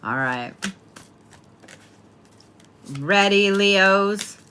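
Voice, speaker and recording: A woman's voice: medium pitch, lively intonation, very slow, bright, forceful tone, a little hiss or hum. A woman giving a casual spoken horoscope reading, talking bluntly and playfully with plenty of swearing. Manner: blunt, profane, chatty, playful. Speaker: tarot and astrology reader.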